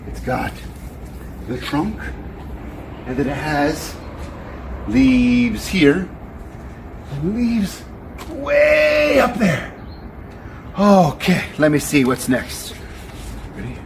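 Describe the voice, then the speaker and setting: A man presenting a children's nature walk, speaking slowly and in an exaggerated, coaxing way that invites kids to join in, recorded outdoors. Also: fairly high pitch, sing-song. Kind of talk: children's educational walk-along. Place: outdoors by a river. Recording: outdoor noise with passing traffic.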